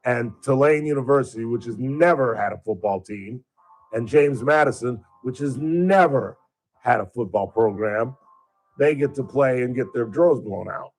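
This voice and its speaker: A man's voice: mid-range voice, normal speed, soft background music. Rambling, blunt male radio host. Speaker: radio talk show host. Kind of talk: casual radio talk.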